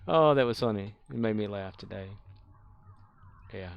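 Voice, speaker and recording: A man's voice: lowish voice, normal speed, vocal fry, smooth, no room sound, muffled recording. A man casually chatting while he streams a space game, laughing often and answering his chat.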